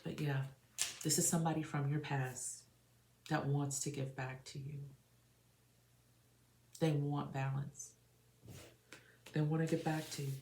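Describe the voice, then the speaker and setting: A woman's voice: low-pitched, flat delivery, measured pace, gravelly, long pauses, mellow, echoey room, slight background noise. A woman giving an emotional, earnest tarot reading for her viewers. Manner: emotional, earnest, channeling feelings. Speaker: tarot reader.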